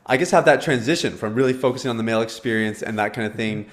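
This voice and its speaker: A man's voice: mid-range voice, very fast. A man hosting a podcast interview, asking long, rambling, supportive questions with many fillers. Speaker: podcast host.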